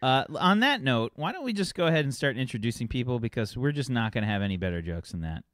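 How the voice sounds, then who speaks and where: A man's voice: medium pitch, no echo, studio quality. A man acting as game master, casually joking and introducing the players. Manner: lively, joking, quick. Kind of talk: casual chat.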